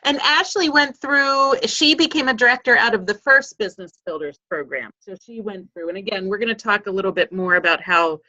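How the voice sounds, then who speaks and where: A woman's voice: mid-range voice, a little fast, hardly any pauses, sharp tone, highs cut off. A woman hosting a group video call, upbeat and encouraging with her team. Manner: enthusiastic, encouraging.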